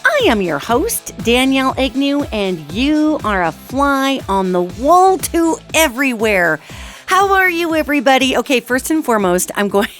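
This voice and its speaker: A middle-aged woman hosting a solo talk show on metaphysics, hoarse from a cold, chatty and animated as she addresses her listeners. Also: high voice, normal speed, soft background music. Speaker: radio show host.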